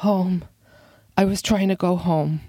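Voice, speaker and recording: A man's voice: sits high, slow, vocal fry, a bit bright, dry recording, studio quality, exaggerated voice. A woman voicing a sad, weary drunk man who has just woken up.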